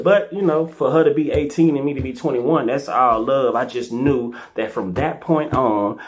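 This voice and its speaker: A middle-aged man hosting his own video series, telling personal stories in a loose, animated way. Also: medium pitch, brisk, hardly any pauses. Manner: loose and animated, fillers like "you know what I'm saying". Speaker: host of a karaoke video series. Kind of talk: casual personal storytelling.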